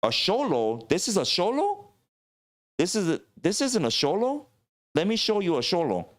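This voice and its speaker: A man's voice: high voice, wildly swooping pitch, moderate pace, pitched above the performer's own voice. A man voicing a bewildered male indigenous warrior brought from the past, firing off incredulous questions in a raised voice.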